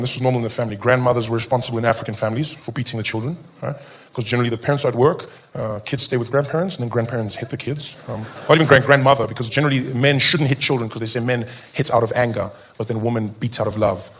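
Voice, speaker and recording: A man's voice: medium pitch, rapid-fire, fairly bright tone, slight background noise. A young adult man doing stand-up comedy, telling his story animatedly and acting out voices and cries.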